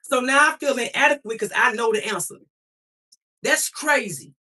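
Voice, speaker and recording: A woman's voice: on the high side, normal speed, sharp tone, recorded from a distance. A young adult woman livestreaming to her chat, talking back at trolls in a profane, emphatic and confrontational way. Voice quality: profane, defiant.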